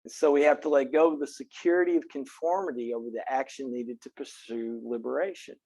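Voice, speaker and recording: A man's voice: mid-range voice, flat delivery, brisk, darkish tone, no room sound. Earnest man lecturing to a classroom. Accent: Texan. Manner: earnest, frank, joking, speaks directly to students. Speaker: college philosophy instructor.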